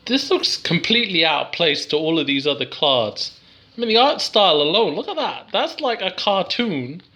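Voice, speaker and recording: A man's voice: high-pitched, big pitch swings, normal speed, bright, forceful tone. A young English man rambling through a casual, giggly, self-deprecating card review.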